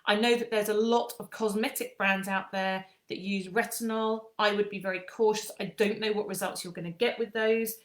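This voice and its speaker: A woman chatting casually through a skincare explanation, often pausing on fillers and restarting. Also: mid-range voice, steady tone, reverberant. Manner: chatty, with frequent ums and restarts. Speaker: skincare aesthetician.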